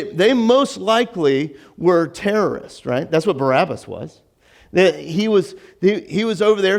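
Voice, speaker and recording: A pastor delivering a conversational sermon in church, animated and acting out the lines he quotes. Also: vocal fry. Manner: animated, acts out quotes with sudden rises in pitch.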